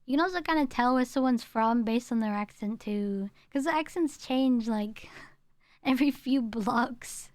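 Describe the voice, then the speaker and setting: A woman's voice: a little high, a little slow, no echo, studio quality. A woman from the United Kingdom, a VTuber streamer, chatting casually and reading her chat aloud. She rambles, repeats herself, and tones down her home accent.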